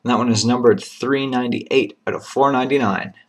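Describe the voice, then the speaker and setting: A man of middle pitch hosts a live card box break, announcing each pulled card and its serial number without hurrying. His delivery is plain and methodical, with brief appreciative remarks whenever a nice card turns up.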